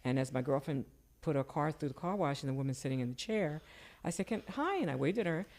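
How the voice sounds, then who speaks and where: An older woman telling personal stories in casual conversation, her voice jumping up whenever she quotes someone. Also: quick pace. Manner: animated, jumps high when quoting people. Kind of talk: casual storytelling.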